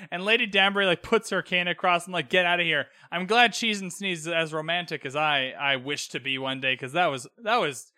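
A man's voice: sits high, sharp tone, no room sound, studio quality. A young man hosting a podcast, recapping a TV episode in casual, sarcastic commentary and swearing freely. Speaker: podcast host. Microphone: own podcast microphone.

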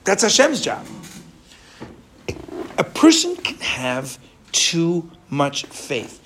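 A man teaching a Torah class in an animated way, asking his students rhetorical questions and mixing Hebrew phrases into his English. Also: a little high, extremely slow, a little hiss or hum.

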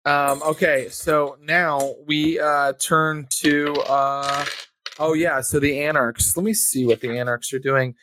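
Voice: medium pitch, steady tone, slow, background noise. A game master narrating a tabletop game in a loose, rambling way, full of ums and likes. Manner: rambling, many ums and likes, laughs often.

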